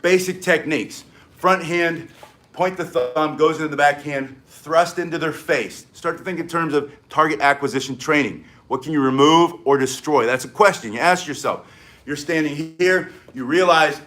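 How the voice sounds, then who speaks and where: Excitable older man teaching stick self-defense. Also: a little high, moderate pace. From United States. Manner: energetic, excitable, emphatic commands. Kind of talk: live-streamed martial arts lesson. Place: home in South Florida.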